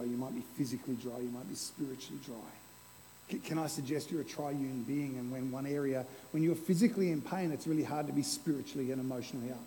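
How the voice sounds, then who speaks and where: Brief Male pastor, energetic sermon, slightly higher voice, long church reverb, faint room hum. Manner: lively and playful, with an object lesson. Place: church hall before a congregation.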